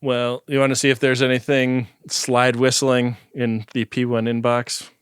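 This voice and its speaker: A man's voice: mid-range voice, unhurried, background noise. A man with a mid-range voice co-hosts a podcast in easygoing casual chat. He jokes around and laughs easily. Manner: relaxed, joking, laughs easily. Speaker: podcast co-host.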